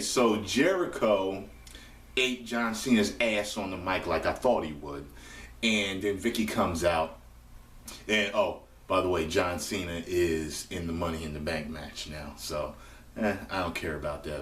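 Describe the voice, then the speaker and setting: A fairly low-voiced man reacts live to a wrestling broadcast, swearing freely and jumping into loud, excited outbursts. He sits back from the microphone in a roomy, echoing space, so his voice carries a hollow ring. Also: far from the mic. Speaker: wrestling show reviewer.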